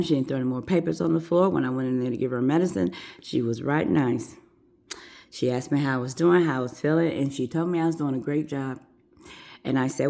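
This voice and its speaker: A woman's voice: deep voice, vocal fry. A woman who works as a nurse, casually telling a personal story to her viewers and acting out the voices of the people in it. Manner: animated, acts out quoted voices.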